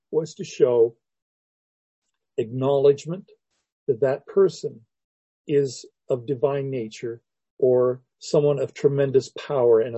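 Man, pastor, reflective sermon, husky, dry close sound. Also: mid-range voice, dry recording, muffled recording. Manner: unhurried and reflective, with frequent restarts and soft laughs. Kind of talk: sermon, teaching verse by verse.

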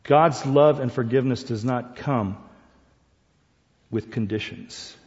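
A pastor preaches a sermon conversationally, putting questions to his congregation. His mid-range voice has a darkish tone and he takes it slowly. The recording is dull, with long hall reverb.

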